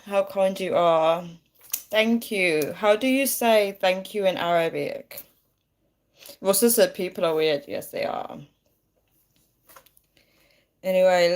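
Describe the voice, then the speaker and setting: A woman's voice: on the low side, a little mellow. A woman chatting casually on a live stream, giggling and reading out viewer comments.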